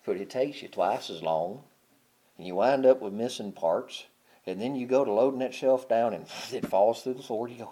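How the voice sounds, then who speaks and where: A man preaching a sermon as pastor, building to loud, impassioned peaks and dropping to quiet, conversational asides. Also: medium pitch, a little slow, pauses often.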